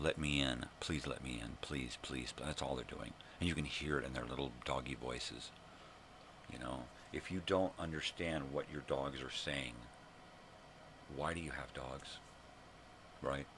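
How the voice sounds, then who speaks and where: A man's voice: a bass voice, gravelly, a bit bright, a little hiss or hum. An older man ranting casually and profanely to camera, exasperated and blunt. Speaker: vlogger.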